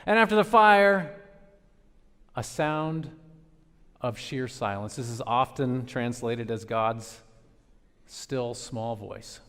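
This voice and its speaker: A man preaching a sermon as pastor, with dramatic swings between loud emphasis and quiet, slowed phrases. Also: medium pitch, clean tone. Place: church sanctuary. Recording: long reverb of a large church hall.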